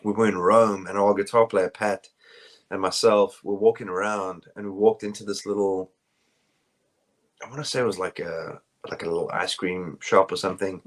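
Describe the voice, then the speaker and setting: Rambling South African man, low voice. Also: fairly even intonation, moderate pace. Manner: rambling, many fillers and restarts. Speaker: bassist, interview guest. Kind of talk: casual interview answers. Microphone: phone call.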